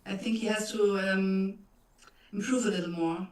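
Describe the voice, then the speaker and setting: A woman with a German accent, speaking English as a second language, chats hesitantly as an interviewer with many pauses. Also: mid-range voice, fairly even intonation, darkish tone. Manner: hesitant, many ums and uhs. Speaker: interviewer, fan club member. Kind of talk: casual interview chat. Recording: echoey room, far from mic.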